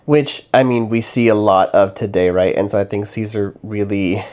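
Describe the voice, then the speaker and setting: A man's voice: on the low side, fairly even intonation, moderate pace, darkish tone. A man hosting a casual book review while doing his makeup, rambling with lots of fillers and correcting himself as he goes.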